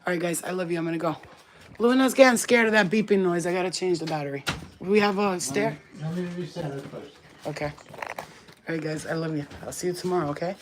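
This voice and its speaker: A woman with a fairly low voice chats casually on a live stream. She is warm toward her viewers and slips into high cooing baby talk for her pet. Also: quick pace, long pauses, slight background noise. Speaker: spiritual reader, channel host.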